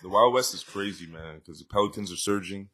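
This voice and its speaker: A man's voice: low-pitched, brisk, pushed and bright. A man co-hosting a casual sports and betting podcast, talking in a laid-back, slangy way and laughing often. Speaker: podcast co-host.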